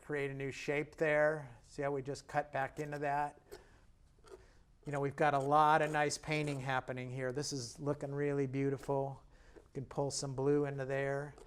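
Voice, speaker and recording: A man's voice: medium pitch, completely flat delivery, moderate pace, smooth. A man giving a step-by-step painting lesson, admiring and encouraging as he works. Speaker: painting instructor.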